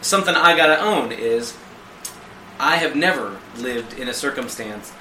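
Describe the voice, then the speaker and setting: A middle-aged man co-hosting a conversational theology podcast, animated and acting out quoted prayers in different voices. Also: medium pitch, moderate pace, slight background noise. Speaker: podcast co-host. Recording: echoey room.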